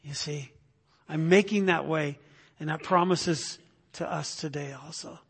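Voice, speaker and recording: A man's voice: a little high, a little slow, creaky, slightly rough. A man preaching a verse-by-verse sermon as a pastor, often checking in with his listeners by asking "right?". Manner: keeps checking in with the congregation with "right?". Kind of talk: expository sermon. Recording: long hall reverb.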